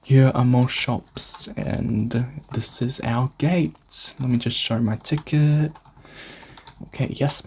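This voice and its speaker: A man's voice: medium pitch, steady tone, slow pace, a little mellow, a little hiss or hum. Rambling young Australian guy touring a game build. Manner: rambling, swears often, self-mocking. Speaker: gamer showing a build. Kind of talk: casual gameplay narration.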